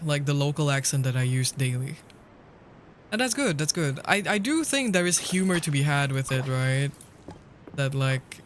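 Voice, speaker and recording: A man's voice: on the high side, a little hiss or hum. A man chatting casually and playfully with his viewers while streaming a game, swearing lightly and laughing often. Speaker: livestreamer. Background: faint background music.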